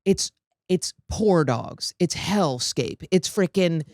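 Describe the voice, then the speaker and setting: A woman hosting a comedy podcast, telling stories in a profane, animated way. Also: lowish voice, slow pace, no echo, clean studio sound. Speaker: podcast host. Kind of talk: casual comedic chat. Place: podcast studio.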